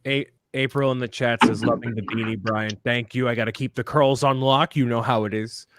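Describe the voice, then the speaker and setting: A man's voice: medium pitch, fairly even intonation, a little fast, heavy background noise. A man in his twenties co-hosting a casual livestream over a video call, joking and bantering. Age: 20s. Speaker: co-host.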